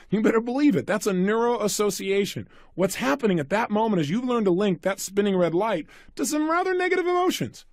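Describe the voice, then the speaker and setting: A man's voice: sits high, no echo, studio quality. A man giving a motivational seminar talk, telling stories with animation and putting questions to his audience. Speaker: motivational speaker.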